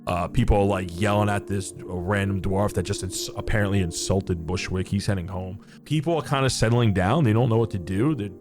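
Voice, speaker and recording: A man's voice: fairly low pitch, brisk, hardly any pauses. A man narrating a tabletop game as dungeon master, casual and full of fillers.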